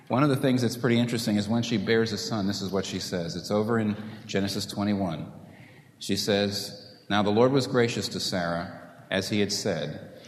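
A man preaching a sermon, putting rhetorical questions to the congregation in an animated way. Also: fairly low pitch. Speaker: pastor. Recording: echoey hall with faint room noise.

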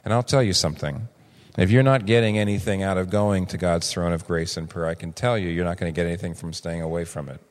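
A man in his sixties preaching a sermon, animated and acting out the voices he quotes. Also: fast talker. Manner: animated, acts out quoted voices with big pitch jumps. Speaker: pastor. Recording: long reverb of a large hall.

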